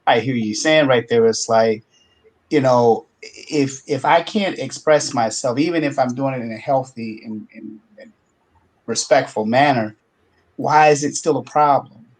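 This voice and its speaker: A man's voice: mid-range voice, unhurried, low-quality recording. A man on a podcast panel, speaking reflectively and thinking aloud, with frequent fillers. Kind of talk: casual discussion.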